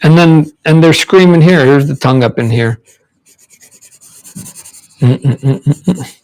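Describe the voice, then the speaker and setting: A man's voice: on the high side, fairly quick, darkish tone, rough recording. Man giving a rambling drawing lesson. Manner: rambling, repeats words, talks while drawing; demonstrates mouth sounds and faces. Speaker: comic book artist teaching drawing. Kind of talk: casual live drawing demonstration.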